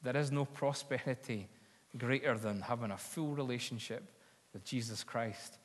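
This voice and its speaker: Man, preacher, sermon, earnest storytelling, mid-pitched, long hall reverb. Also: normal speed. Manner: earnest storytelling, building to fervent appeals.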